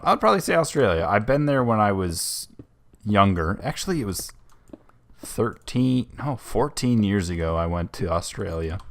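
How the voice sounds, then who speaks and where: Low-voiced young man, rambling game commentary. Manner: rambling, self-correcting, relaxed. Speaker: host. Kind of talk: casual gaming commentary.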